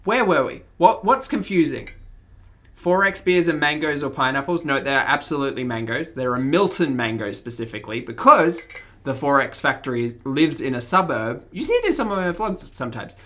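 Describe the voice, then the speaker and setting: A woman's voice: low voice, sing-song, normal speed, a bit bright. An Australian woman with a mild accent, chatting casually with her livestream audience and laughing often as she reads the chat. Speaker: streamer.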